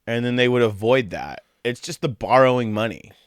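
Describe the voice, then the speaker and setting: A man co-hosting a casual podcast chat, retelling video clips in a lively play-by-play way. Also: medium pitch, moderate pace, no echo, clean studio sound. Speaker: podcast co-host.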